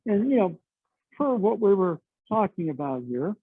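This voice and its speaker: A man's voice: sits high, sing-song, normal speed, husky, no room sound. A middle-aged man teaching a martial arts class, explaining chattily with lots of "okay" and "you know.". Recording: dry, tinny phone-like sound.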